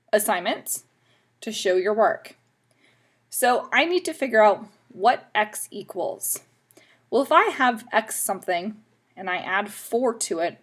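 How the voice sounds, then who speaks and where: A woman math teacher explaining equations step by step in a patient, instructive way. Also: mid-range voice. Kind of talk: classroom math lesson video.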